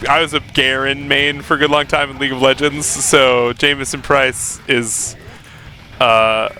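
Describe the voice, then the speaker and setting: A man's voice: medium pitch, level tone, measured pace, bright, forceful tone. A man in his thirties, a podcast co-host in casual chat who laughs often and answers with short agreeing replies. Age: 30s.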